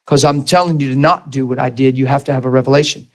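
A man's voice: mid-range voice, quick pace. A middle-aged man preaching a sermon, telling a personal story and acting out the voices in it. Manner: animated storyteller, acts out voices, laughs.

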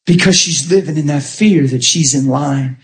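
A man preaching with a slightly high voice, animated and storytelling, often dropping to a soft hush when acting out what others said. The sound is roomy and echoey. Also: moderate pace, background noise. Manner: animated, acts out quoted voices softly. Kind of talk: sermon storytelling. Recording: echoey room.

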